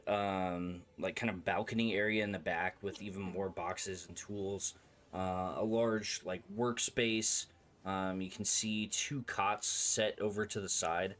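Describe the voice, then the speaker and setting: A man's voice: fairly low pitch, fairly bright tone. A man narrating as game master in a tabletop game, describing scenes in a hesitant way with many fillers.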